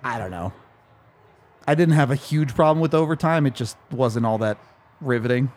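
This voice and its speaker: A man's voice: medium pitch, lively intonation, normal speed, a little mellow. A man hosting a casual sports podcast, reading out viewer messages and laughing often. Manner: reads out viewer super chats, laughs often. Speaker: podcast host.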